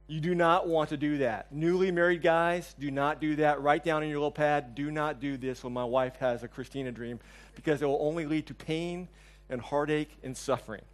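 A man in his forties preaching a sermon, telling a funny story with asides to the congregation. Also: a little high. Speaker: pastor.

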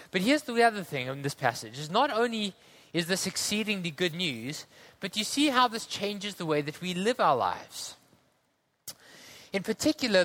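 A man from delivers a sermon. His voice sits high and rings bright, and he moves between earnest storytelling and easy conversational asides. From South Africa. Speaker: preacher.

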